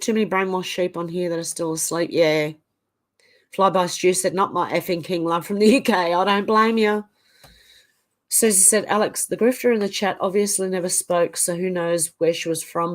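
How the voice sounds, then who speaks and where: A woman's voice: fairly low pitch, steady tone, normal speed. A middle-aged Australian woman hosting a live stream, reading viewer comments aloud and reacting chattily while getting over the flu with a cough. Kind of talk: casual live-chat reading.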